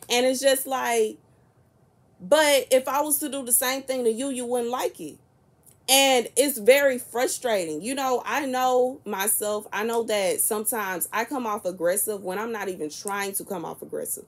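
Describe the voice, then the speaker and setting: A woman in her early thirties, talking casually to camera in a soft-spoken, chatty and rambling way. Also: a little high, moderate pace. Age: 30s. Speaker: prophetic content creator.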